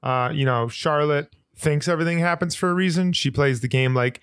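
A man's voice: a little high, a little fast, hardly any pauses, a bit bright, smooth, dry recording. A man in casual podcast talk, recapping scenes with fillers.

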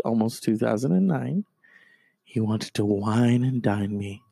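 Gravelly-voiced man telling a profane story. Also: on the low side. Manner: profane, jumps between loud outbursts and mutters. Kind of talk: stand-up storytelling.

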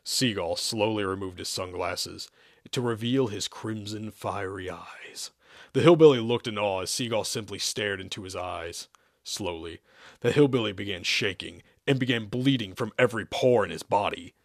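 A man hosting a show and reading an old, absurd amateur story aloud in a deadpan, measured way. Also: fairly low pitch, vocal fry, no echo. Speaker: host and story reader. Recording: dry close sound.

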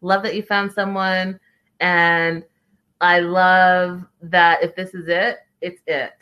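A woman talks through a reality show episode in a chatty, opinionated way, reading viewer comments aloud as she goes. Her voice sits a little low, and she speaks in a casual, conversational manner. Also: level tone, slow, muffled recording. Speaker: reality TV recap host.

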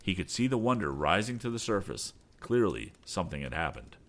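A man hosting a storytelling podcast, reading an adventure book aloud with expressive narration. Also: low-pitched, brisk. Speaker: podcast host and audiobook reader. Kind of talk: audiobook narration.

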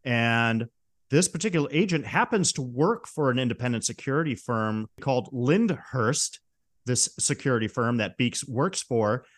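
A man's voice: mid-range voice, animated, normal speed. A man hosting a podcast, casually recapping a comedy film plot in an amused, chatty way. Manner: chatty, amused retelling with brief quoted impressions. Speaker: podcast host.

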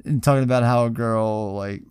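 Smooth-voiced man chatting about films. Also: medium pitch, fairly even intonation, normal speed, a little mellow, no echo. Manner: profane, loose, repeats words. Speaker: podcast co-host. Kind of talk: casual film discussion.

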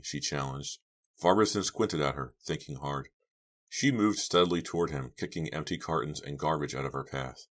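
A man narrating a horror novel audiobook in a measured, steady reading. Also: rumbling low. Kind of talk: scripted narration.

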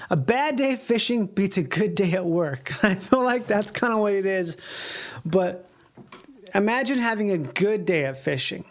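A man's voice: high-pitched, lively intonation, normal speed. A man hosting his own podcast in a casual solo monologue, rambling and swearing freely with frequent chuckles. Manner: rambling, profane, laughs between phrases. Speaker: podcast host.

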